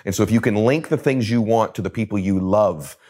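A man's voice: lowish voice, brisk, a little mellow. A middle-aged man, a motivational coach, telling a personal story with emphatic, repetitive phrasing in a podcast conversation. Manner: emphatic, repeats phrases for effect.

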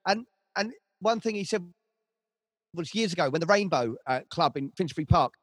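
This is a man managing a band, recounting tour stories in a relaxed chat. His voice sits high for a man and the sound is dry and close. He rambles, restarts lines and swears often. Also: moderate pace, breathy edge, no echo. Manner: rambling storytelling, heavy swearing, frequent restarts. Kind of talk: casual conversation.

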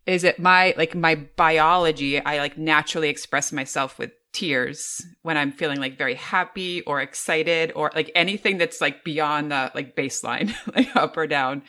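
A woman's voice: low voice, normal speed, hardly any pauses, bright, forceful tone. A woman co-hosting a podcast, sharing a personal story openly and expressively in casual conversation.

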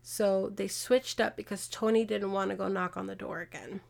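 A woman hosting a podcast, casually retelling a true-crime case with animated, exasperated asides. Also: mid-range voice, normal speed, gravelly. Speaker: podcast host.

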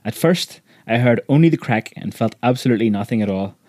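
A man narrating a story aloud in a measured, vivid way. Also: medium pitch, animated, a little mellow, no room sound, studio quality.

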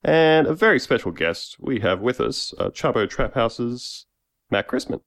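A man's voice: mid-range voice, lively intonation, measured pace, fairly bright tone. A man hosting a podcast in casual chat, dry and easygoing. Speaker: podcast host.

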